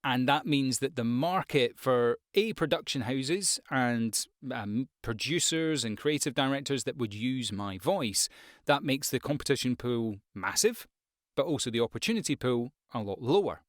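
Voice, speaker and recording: A man's voice: mid-range voice, expressive, moderate pace, dry recording, studio quality. A man giving frank, conversational career advice as a voice-over artist, with ums and asides. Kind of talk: casual advice talk to camera.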